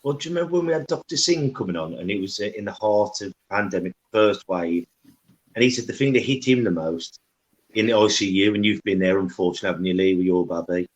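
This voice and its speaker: A man's voice: fairly low pitch, quick pace, poor audio. A man co-hosting a podcast, ranting and telling stories animatedly in casual chat. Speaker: podcast co-host.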